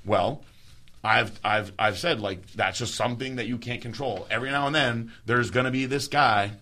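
A man's voice: medium pitch, moderate pace, pushed and bright. A man co-hosting a casual chat, telling stories animatedly, swearing freely and mimicking people he met. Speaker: podcast co-host.

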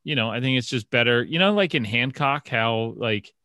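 A man's voice: medium pitch, lively intonation, moderate pace, pushed and bright, no room sound, studio quality. A man co-hosting a sports podcast, chatting casually and rambling through stories with lots of fillers and restarts. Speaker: podcast co-host.

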